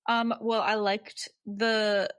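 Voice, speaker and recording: A woman's voice: mid-range voice, level tone, takes it slowly, a bit bright, smooth, no room sound. A young adult woman, a guest on a podcast, chatting casually about a book, hesitant and full of ums. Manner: hesitant, lots of ums, laughs easily. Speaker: podcast guest, host's wife. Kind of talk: casual book-discussion chat.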